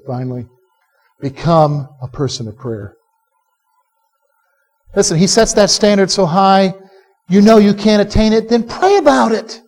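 A male pastor preaching a sermon to a live congregation, animated and conversational, quizzing listeners to answer back. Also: high voice. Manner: direct, conversational asides to the listeners. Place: church service before a live congregation.

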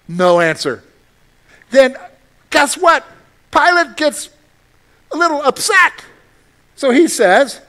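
A man preaching a radio sermon, animated, acting out quoted voices and dropping suddenly soft. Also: sits high, normal speed. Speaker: pastor.

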